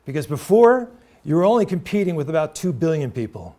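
A man's voice: on the high side, sing-song, brisk, mellow. A middle-aged man from the United States, giving a university talk to students in an earnest, storytelling way with direct questions to the audience. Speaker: lecturer. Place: lecture room.

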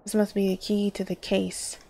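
A woman's voice: medium pitch, monotone, normal speed, vocal fry, mellow, breathy edge. A woman commentating her own horror game playthrough, jumpy and exclaiming, talking to herself and her viewers. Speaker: gamer. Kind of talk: horror let's play commentary.

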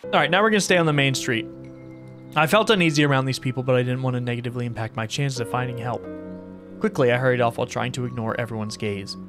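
A man's voice: mid-range voice, fairly even intonation, quick pace, over music. Man reading a horror game aloud. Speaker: gaming streamer.

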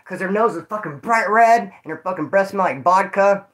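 A man's voice: high-pitched, brisk, fairly bright tone. Rambling, profane man telling stories. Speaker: vlogger telling prison stories. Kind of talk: casual storytelling to viewers.

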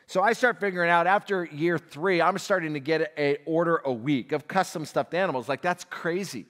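A man's voice: on the high side, moderate pace. Storytelling man in an echoing hall. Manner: animated storyteller, acts out dialogue, chuckles. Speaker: guest speaker at a Bible class. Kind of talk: storytelling testimony talk. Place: church hall. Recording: long hall reverb.

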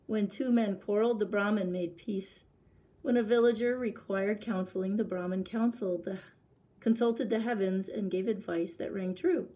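Library lady reading a kids story out loud, clear and expressive, normal pitch. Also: moderate pace, rough recording. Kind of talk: reading a picture book aloud.

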